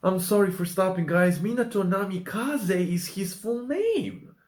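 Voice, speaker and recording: A young man giving casual reaction commentary, bursting into exclamations and asides. His voice sits very high and swings widely, and the room gives it a noticeable echo. Faint music plays behind. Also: a little slow. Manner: excitable, exclaiming, says "man" a lot. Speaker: YouTube reactor.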